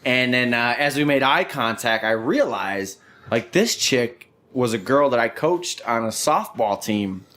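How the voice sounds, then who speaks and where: A young adult man hosting a podcast, telling stories in an animated, profane way and saying "dude" and "bro" a lot. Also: mid-range voice, measured pace. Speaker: podcast host. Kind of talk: casual storytelling chat.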